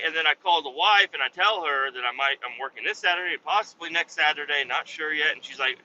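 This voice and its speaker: A man's voice: on the high side, quick pace, few pauses, pushed and bright. A man hosting a podcast, telling a story casually and profanely, acting out everyone he quotes in his own voice. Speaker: podcast host. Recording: slightly dull, faint road noise.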